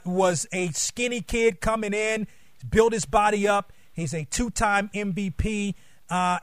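A man's voice: high-pitched, no room sound, studio quality. A man hosting an interview show, asking long, rambling questions with enthusiasm. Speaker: show host.

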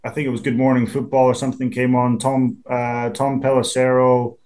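A relaxed Scottish man in his twenties, speaking at an ordinary middle pitch. He talks easily as an interview guest, stumbles and restarts, and chuckles along the way. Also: brisk. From Scotland. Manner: easygoing, restarts a lot, chuckles. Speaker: professional football punter, guest. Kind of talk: casual interview.

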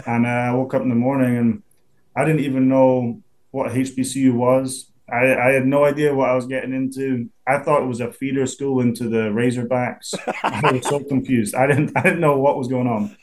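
A young man with a Scottish accent talks in a relaxed, easygoing way. His voice sits at an ordinary pitch. He often repeats words while he gathers his thoughts and laughs easily. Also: moderate pace. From Scotland. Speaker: interviewed football punter. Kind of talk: casual interview.

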